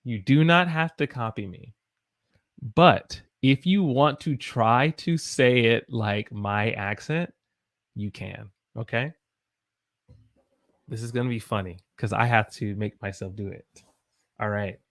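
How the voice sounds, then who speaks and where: He has a mid-range, fairly bright voice and a Southern US accent. In this slow English pronunciation lesson, he keeps repeating demonstration words and takes questions from viewer comments.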